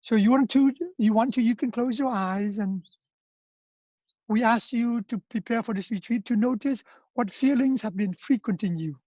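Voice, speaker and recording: A woman with a fairly high, mellow and husky voice leads a retreat in a gentle, prayerful way, often pausing and restarting. The sound is dull and dry, like muffled video call audio. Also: dry recording. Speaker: retreat leader. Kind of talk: reflective talk and guided prayer. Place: home, online video call.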